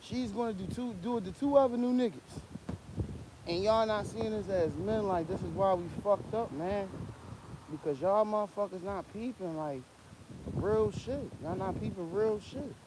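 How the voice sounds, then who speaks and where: A man's voice: high voice, moderate pace, background noise. A young man, ranting bluntly and profanely in a casual livestream, coughing from a cold. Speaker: livestream host.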